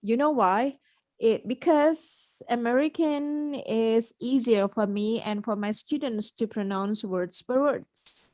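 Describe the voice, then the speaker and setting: Slow-talking Indonesian woman, higher voice. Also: a little mellow, dry recording. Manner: slow, thoughtful, searching for words with fillers. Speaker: English teacher. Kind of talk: casual podcast conversation.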